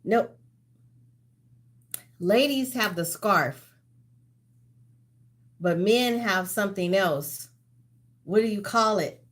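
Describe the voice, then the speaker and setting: Running a laid-back trivia stream, this older woman speaks at medium pitch and takes her time with each question. Winded and giggly, she chats between lines and now and then moves off her phone's microphone.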